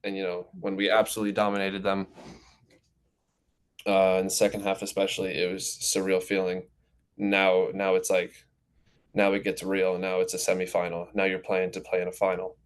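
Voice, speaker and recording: A teenage man from New Jersey talks casually through an interview, circling his answers with fillers. His voice sits low and barely moves in pitch. The tone comes through smooth and clear. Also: normal speed. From New Jersey, USA. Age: teens. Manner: relaxed, rambling with many fillers. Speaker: goalkeeper guest.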